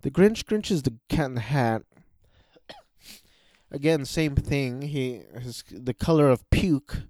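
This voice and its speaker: Slow, rambling male reviewer. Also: mid-range voice, expressive, a little mellow, dry recording, clean studio sound. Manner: rambling, hesitant, with restarts. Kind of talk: casual spoken review.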